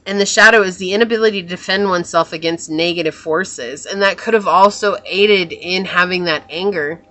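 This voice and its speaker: Bright-voiced woman reading tarot. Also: on the low side, fairly quick. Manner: musing, soft-spoken, often trails off and corrects herself. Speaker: tarot reader. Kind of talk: pick-a-card tarot reading.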